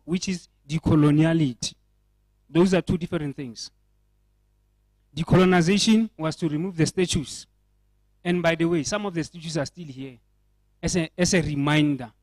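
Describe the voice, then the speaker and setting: South African male panelist, earnest and questioning, slightly high pitch, dry. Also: a little mellow, dry recording, rough recording. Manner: earnest, repetitive restarts, rhetorical questions. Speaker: panel speaker. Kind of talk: panel discussion remarks. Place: indoor event.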